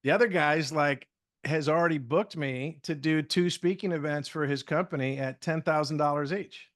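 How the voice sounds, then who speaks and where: A middle-aged man telling lively stories in casual podcast chat, acting out the dialogue as a communication trainer. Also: on the high side, moderate pace. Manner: lively, acts out dialogue in stories, many fillers. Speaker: guest speaker and communication trainer.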